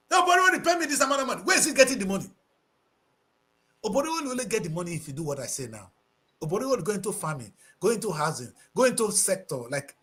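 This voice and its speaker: A Nigerian man speaks in a very high voice that swoops up and down as he holds forth on a breakfast talk show. He sounds passionate and preachy, mixing Pidgin into his English. His tone is bright and forceful. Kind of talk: impassioned talk-show commentary.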